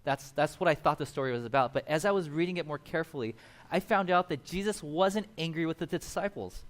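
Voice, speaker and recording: A male pastor with a voice on the higher side delivers a sermon. He tells the story in a loose, animated way and jumps into quick voices for the people in it.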